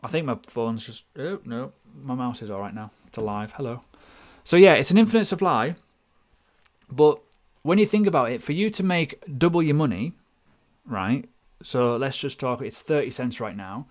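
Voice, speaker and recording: A man hosts a casual livestream, talking loosely and joking at his own expense. His voice sits at an ordinary middle pitch, and his chat is slangy and relaxed. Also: normal speed. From United Kingdom. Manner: chatty, jokey, self-deprecating, with slangy asides. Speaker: crypto analysis livestream host.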